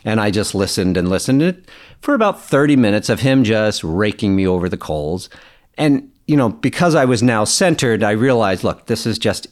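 A middle-aged man telling a personal story in a candid, casual way, swearing freely and laughing as he goes. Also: fairly low pitch. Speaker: guest.

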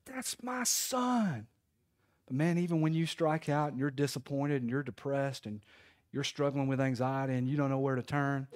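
A man's voice: medium pitch, a little mellow. A man, preaching a folksy sermon in church with call-and-response to the congregation. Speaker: pastor. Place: church sanctuary.

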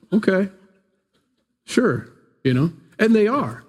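Man, pastor, conversational sermon, animated, acts out voices, husky, a bit high, pulpit mic, small church. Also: unhurried. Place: church room, not big. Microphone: pulpit microphone.

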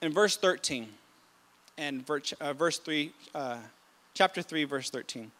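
A male pastor preaching a sermon with impassioned swings between calm talk and sudden loud emphatic bursts, often restarting his words. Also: on the high side, a little slow. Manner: repeats and restarts words mid-sentence.

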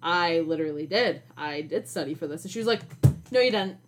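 A young woman tells a college story on a podcast in a loose, casual way. She sounds exasperated and animated, and she swears and laughs as she goes. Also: deep voice, fast talker, background noise. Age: young adult. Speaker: podcast co-host.

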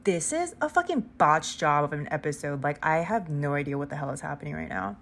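A woman's voice: sits low, lively intonation, brisk, a bit bright. A woman hosting a podcast, casually recapping a book as she keeps rambling off topic, full of "like" and casual swearing. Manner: rambling, sidetracked, heavy "like" filler. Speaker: podcast host.

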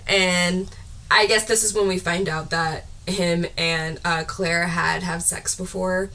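A young woman co-hosting a casual podcast, recapping a movie scene by scene and acting out the characters in quick put-on voices. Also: lowish voice. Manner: animated, acts out characters in quick put-on voices, laughs often. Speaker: podcast co-host. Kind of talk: casual chat recapping a film.

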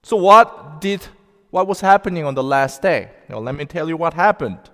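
A male pastor preaching a sermon, slow and deliberate, with emphatic rising outbursts. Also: a little high, expressive, a bit bright. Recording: long reverb of a large hall.

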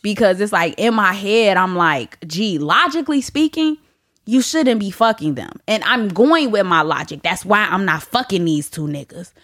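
A woman's voice: mid-range voice, animated, moderate pace, few pauses, a bit bright, no room sound, clean studio sound. A woman hosting a candid solo podcast, talking bluntly and profanely, laughing often and breaking into mock wailing. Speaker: podcast host.

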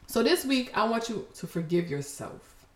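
A woman's voice: a little high, very animated, normal speed, roomy sound. A woman hosting a faith podcast, speaking expressively and emotionally, laughing through tears. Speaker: podcast host.

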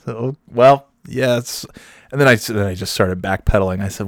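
Low-voiced man telling a profane anecdote. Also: moderate pace, no echo, studio quality. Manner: profane, laughing often, rambling restarts. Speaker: storyteller. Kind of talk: casual personal anecdote.

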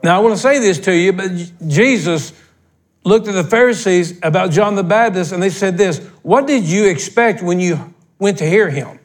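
A man's voice: sits high, lively intonation, normal speed. An older man preaching a sermon as pastor, talking in a folksy, blunt way that swells into emphatic outbursts.

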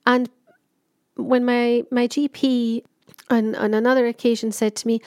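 A woman's voice: a little high, fairly even intonation, measured pace, darkish tone, no room sound. Chatty woman, dry close voice. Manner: candid, chatty, with many fillers and restarts. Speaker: patient telling her story. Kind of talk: personal monologue.

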